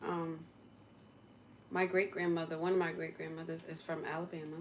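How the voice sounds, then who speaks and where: A woman's voice: deep voice, level tone, normal speed, a little hiss or hum. A young woman from the United States, chatting casually on a livestream from her home kitchen, answering viewer comments and laughing often. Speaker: livestream host.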